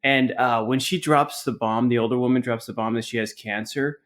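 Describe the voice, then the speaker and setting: A man with a medium-pitched voice tells stories on a podcast. He sounds laid-back and casual and swears freely. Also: steady tone, fairly quick, fairly bright tone. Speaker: podcast co-host. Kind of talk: casual chat.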